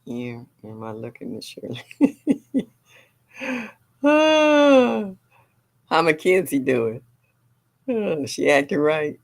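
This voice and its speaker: A woman's voice: sits low, sing-song, slow pace, gravelly, pauses often. An older woman hosting a gardening livestream, chatting casually and reading viewer comments aloud. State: a little sore.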